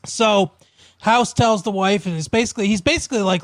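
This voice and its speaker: A man's voice: sits high, no room sound. A man co-hosting a podcast, casually retelling a TV episode with lots of fillers. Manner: relaxed, drawn-out retelling with many fillers. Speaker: podcast co-host. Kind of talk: casual chat recapping a TV episode.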